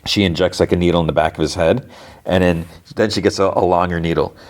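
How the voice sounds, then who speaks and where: A man's voice: deep voice, steady tone, quick pace, a little mellow. A man hosting a podcast, casually recapping a TV episode, rambling with lots of "like" and retelling the dialogue scene by scene. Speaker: podcast host.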